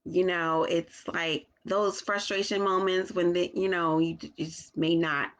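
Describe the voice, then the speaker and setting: A mother talking casually to her viewers, halting often with restarts as she slows down to find her words. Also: on the low side, level tone. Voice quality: slow, deliberate delivery. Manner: halting, with restarts and long pauses. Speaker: parent vlogger. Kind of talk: casual talk to camera.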